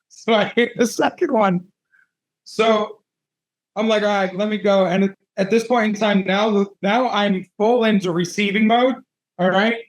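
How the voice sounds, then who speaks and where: A man in his thirties tells a story in a high, light voice. He swears often and mocks himself as he goes. The telling is loose and candid, like an interview. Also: a little slow, low-quality recording. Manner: profane, animated, self-mocking storytelling. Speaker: tattoo artist guest.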